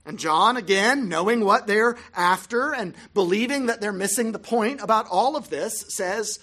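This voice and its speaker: A Bible teacher giving scripted narration on a gospel passage, measured with emphatic pauses. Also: mid-range voice, fairly bright tone.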